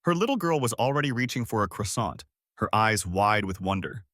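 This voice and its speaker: Guy reading a feel-good story, lively pitch, dry close sound. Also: a little fast, dry recording. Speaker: story narrator. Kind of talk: scripted narration.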